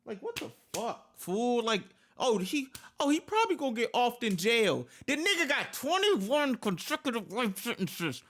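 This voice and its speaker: A man's voice: very high voice, big pitch swings, normal speed, few pauses, fairly bright tone. A man hosting a reaction video, reacting in casual, profane, exasperated outbursts.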